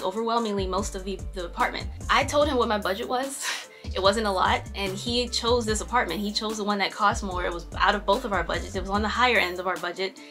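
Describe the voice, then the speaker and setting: A woman talks straight to her viewers in a casual storytime, chatty and easygoing, stopping often to laugh. She acts out the voices of the people in her story as she goes. Faint music plays quietly underneath. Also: medium pitch. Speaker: vlogger.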